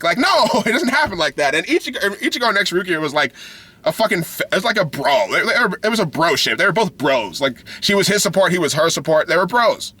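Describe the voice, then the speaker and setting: High, bright-voiced man ranting. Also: sing-song, a little fast. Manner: heated, profane and frustrated, with frequent laughter. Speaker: anime video creator. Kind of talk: ranting reaction vlog.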